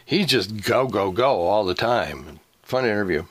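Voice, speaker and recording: An older man from the Seattle area tells stories in a low voice, trailing off and restarting as he goes. The recording is dry and close. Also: animated, a little slow, no room sound. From Seattle area, USA. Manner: rambling, with many restarts. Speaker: former radio DJ, guest. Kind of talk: casual storytelling interview.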